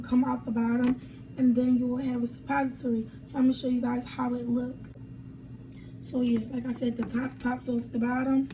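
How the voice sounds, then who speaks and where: Chatty woman vlogger with a mellow voice. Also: fairly high pitch, a little hiss or hum. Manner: chatty, rambling, laughs often. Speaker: beauty vlogger. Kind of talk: casual chat and product demo.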